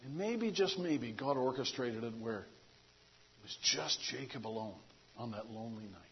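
A man's voice: mid-range voice, expressive, measured pace, breathy edge. A man preaching a folksy, conversational sermon, retelling the story with humor and playing out the characters' talk. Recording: dull lo-fi recording.

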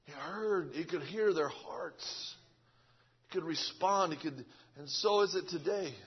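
A fervent male preacher delivers a revival sermon, with lots of repetition. His voice is high and husky. The recording sounds dull and lo-fi. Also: a little slow. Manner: fervent, repetitive, swings from shouting to hushed.

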